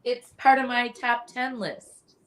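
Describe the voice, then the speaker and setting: A woman's voice: on the high side, takes it slowly, fairly bright tone. Easygoing woman guest bantering. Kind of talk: casual chat.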